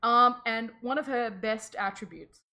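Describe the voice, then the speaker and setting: A woman co-hosting a podcast, telling a folklore story in a giggly, animated casual chat. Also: on the high side, measured pace. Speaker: podcast co-host.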